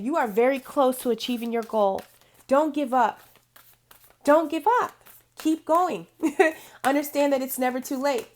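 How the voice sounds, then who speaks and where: Woman, high voice, spiritual guide, motivational talk to camera, emphatic, repeats phrases. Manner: laughs often while talking.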